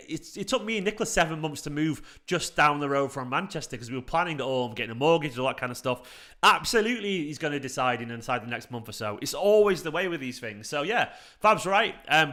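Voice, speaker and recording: A young adult man hosting a football fan live stream, chatty and excitable, swearing casually as he reads the chat. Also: a little high.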